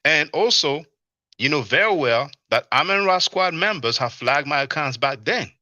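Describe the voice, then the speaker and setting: Animated man livestreaming, dull audio. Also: fairly high pitch, normal speed, no room sound. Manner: animated, laughing, reading chat aloud and answering it. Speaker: livestream host. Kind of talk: casual livestream commentary.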